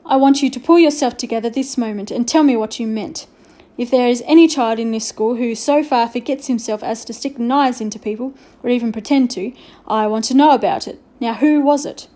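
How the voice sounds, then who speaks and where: A woman reading aloud and voicing a stern, gruff middle-aged male headmaster in a storybook, firm and measured. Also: on the high side, warm tone, close to an everyday voice.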